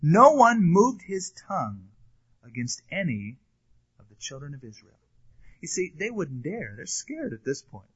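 A male preacher walks through a passage of scripture, reading it aloud and then breaking off to explain it in plain, chatty terms. His voice sits a little higher than most men's. The recording sounds muffled and lo-fi. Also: a bit bright. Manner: reads scripture then comments conversationally, with fillers. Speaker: pastor. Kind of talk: verse-by-verse Bible teaching. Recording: dull lo-fi recording.

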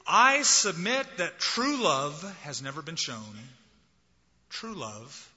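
A man preaching a sermon, expressive and acting out the voices of people he quotes. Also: fairly high pitch. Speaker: pastor. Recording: dull lo-fi recording in a large hall.

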